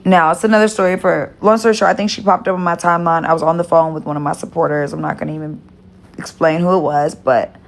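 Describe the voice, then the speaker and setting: A woman's voice: sits low, fairly even intonation, fast talker, gravelly. A woman hosting a livestream, telling a story to her viewers in a rambling, gossipy way, swearing and stressing her words. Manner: gossipy, profane, emphatic swearing. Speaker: livestream host.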